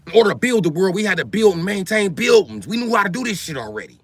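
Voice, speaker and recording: A man live streaming, ranting in loud, profane comedy commentary over a video. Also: high voice, gravelly, breathy edge, no room sound.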